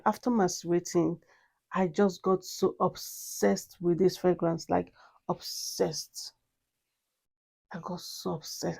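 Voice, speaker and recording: A woman's voice: lowish voice, warm tone. A woman reviewing a perfume in a casual vlog, gushing and repeating herself with many exclamations. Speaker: fragrance reviewer.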